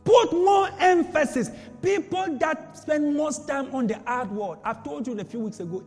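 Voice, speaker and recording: A man's voice: very high-pitched, normal speed, hardly any pauses, big-room sound, faint music behind. A man preaching a sermon with emphatic repetition and rhetorical questions.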